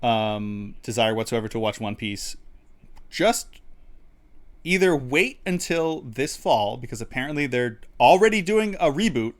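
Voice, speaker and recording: A man's voice: mid-range voice, very animated, unhurried. Rambling, laughing man in casual chat. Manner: rambling, laughs often, many fillers. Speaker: podcast co-host. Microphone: studio mic on a livestream.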